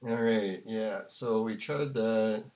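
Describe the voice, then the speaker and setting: A man's voice: on the low side, slow, a little mellow, highs cut off. A man giving casual, rambling commentary on a debate to his viewers, full of fillers and restarts. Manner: rambling, filler-heavy, with frequent "like" and laughs. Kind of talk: casual commentary to a live chat.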